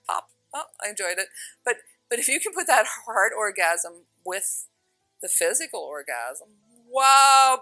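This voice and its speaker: A woman giving a casual spiritual talk, telling stories with lively acted-out quotes. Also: on the low side, no echo, poor audio. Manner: animated storyteller, acts out quotes. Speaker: spiritual teacher.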